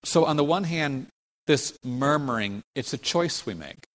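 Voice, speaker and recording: A man preaching in an earnest teaching voice, his pitch rising and falling in a lively way. He doubles back on phrases and repeats them to build emphasis. His voice rings out with a long reverb, as if he is speaking in a large hall. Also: unhurried. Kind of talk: sermon teaching.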